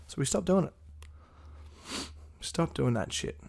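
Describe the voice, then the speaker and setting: A man's voice: mid-range voice, animated, normal speed, creaky, long pauses, darkish tone, breathy edge. A sick man, hosting a blunt, sweary motivational podcast solo. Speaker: podcast host.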